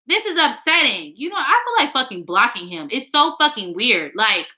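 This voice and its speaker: Young woman vlogger, high and very bright voice, blunt, swearing, exasperated casual talk to camera. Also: very animated, normal speed. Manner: frank, heavy swearing, exasperated ranting.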